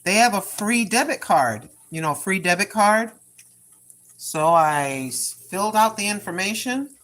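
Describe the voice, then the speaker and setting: A woman's voice: mid-range voice, expressive, unhurried, a bit bright. An older woman chatting through a cooking live stream in her home kitchen, rambling and repeating herself in a folksy way. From Oregon, US.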